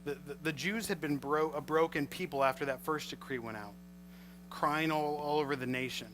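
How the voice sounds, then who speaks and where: A male pastor preaching a sermon, reading scripture and retelling it with animated storytelling. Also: a little high, normal speed, background noise. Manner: animated storytelling, acts out scenes.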